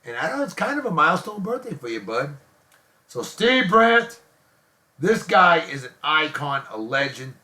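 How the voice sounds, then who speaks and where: A man hosting a casual online show, gushing jokey praise and shout-outs to friends. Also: fairly high pitch, very animated, normal speed. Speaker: host of a daily beer and music show.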